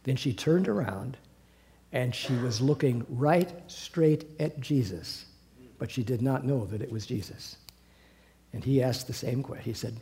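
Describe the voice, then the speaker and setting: Mellow-voiced man teaching a Bible class. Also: mid-range voice, normal speed, creaky. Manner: lively storytelling with chuckles and asides. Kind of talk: teaching a Bible class, reading and retelling scripture.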